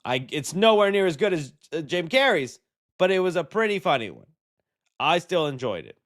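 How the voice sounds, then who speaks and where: A man hosts a live movie talk stream, with a voice pitched a little high for a man. He rambles casually and jokes with his chat, often stopping mid-thought to restart. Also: sing-song, normal speed, fairly bright tone. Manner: rambling, joking, reads and answers chat, hesitant restarts. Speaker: host of a live movie news show.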